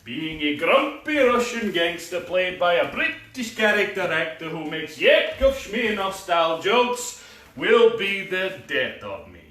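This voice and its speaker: A man's voice: sits high, big pitch swings, measured pace, pushed and bright, heavily acted. A man putting on a grumpy, sardonic middle-aged male Russian gangster. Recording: echoey room, distant mic.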